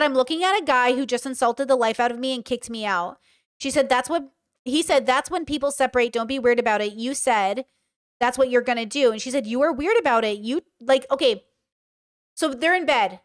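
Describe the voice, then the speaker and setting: High-pitched, blunt young woman streamer. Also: fairly quick. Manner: animated, blunt, swears freely. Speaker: commentary streamer. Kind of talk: live stream reaction commentary.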